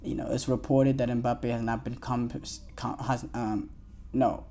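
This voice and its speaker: Gravelly, mellow-voiced male podcast host. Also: medium pitch, flat delivery, unhurried. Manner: loose and rambling, many fillers and restarts, reads quotes aloud. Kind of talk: casual solo sports podcast talk.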